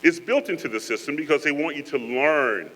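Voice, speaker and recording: A man's voice: on the high side, fairly quick, fairly bright tone. A man giving a joking, earnest speech to cadets, talking to them in a conversational way. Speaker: guest speaker. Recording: echoey hall with mains hum.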